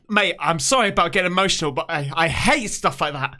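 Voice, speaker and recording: A man's voice: on the high side, lively intonation, fast, hardly any pauses, sharp tone. A man hosting a reaction video, talking casually and emotionally and swearing often.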